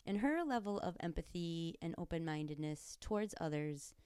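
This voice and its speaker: A woman hosting a podcast, giving a scripted introduction in a clear, measured way. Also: fairly low pitch, lively intonation, warm tone, dry recording, clean studio sound. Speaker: podcast host.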